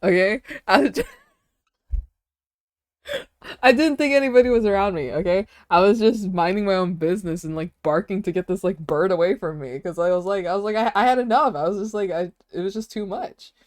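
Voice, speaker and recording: A woman's voice: medium pitch, brisk, no room sound, clean studio sound. A young woman streamer chatting casually with her audience, telling rambling stories full of fillers and giggles. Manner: rambling, filler-heavy storytelling with frequent giggles.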